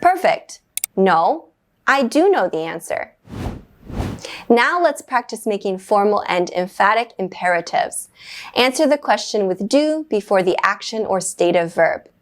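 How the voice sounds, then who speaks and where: Woman teaching grammar, calm clear explaining, quick cheery "good" and "great" between drills. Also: mid-range voice, a little hiss or hum. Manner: clear, measured explaining with brief upbeat praise. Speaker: English teacher. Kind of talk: scripted grammar lesson.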